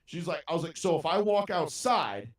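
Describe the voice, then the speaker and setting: A man's voice: fairly high pitch, lively intonation, moderate pace. A man telling a story in casual podcast chat, ranting with heavy profanity. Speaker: podcast co-host. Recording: roomy sound from a distant mic.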